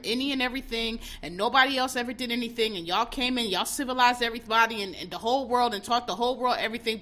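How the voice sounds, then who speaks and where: A woman's voice: on the high side, pushed and bright. A woman hosting her podcast alone, talking bluntly and with animation straight to her listeners. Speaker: podcast host. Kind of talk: casual solo commentary.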